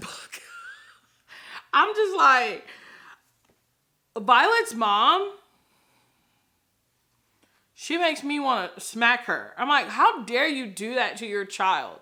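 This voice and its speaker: A young woman chatting casually in a reading vlog, animated and laughing as she acts out her reactions. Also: a little high. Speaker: book vlogger.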